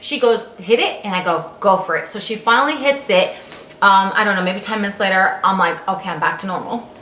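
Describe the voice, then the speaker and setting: A young woman tells a personal story straight to camera, loose and candid, and she swears without a second thought. Her pitch sits in the middle range. The room is echoey, so her voice bounces off the walls. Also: a little fast, a little hiss or hum. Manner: candid, animated storytelling with swearing and quoted exclamations. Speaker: vlogger. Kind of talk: casual storytelling vlog.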